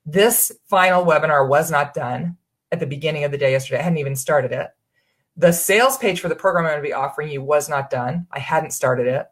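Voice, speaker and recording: A woman's voice: low-pitched, brisk. Woman, online business coach, casual live-stream delivery, earnest and encouraging. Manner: chatty, earnest, encouraging, many restarts. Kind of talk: live webinar Q&A.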